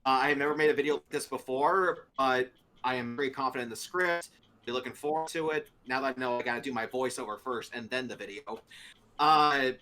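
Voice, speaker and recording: Man, bright tense voice, plain matter-of-fact talk, casual livestream. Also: medium pitch.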